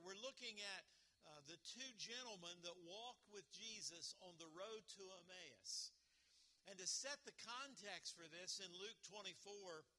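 A man's voice: sits high, bright, forceful tone. A middle-aged man preaching a sermon as pastor, earnest, with repetition and rhetorical questions.

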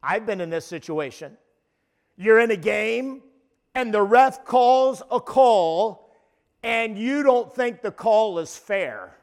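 A man's voice: sits high, animated, slow pace. A man preaching a sermon as pastor, emphatic, often restarting and repeating his words.

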